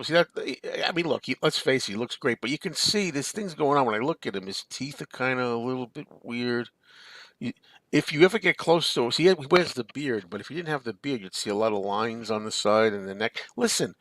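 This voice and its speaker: A man's voice: medium pitch, a bit bright, no room sound. A man hosting a casual live-stream chat, rambling and answering viewer comments. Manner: rambling, chatty, reads viewer comments aloud. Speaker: show host.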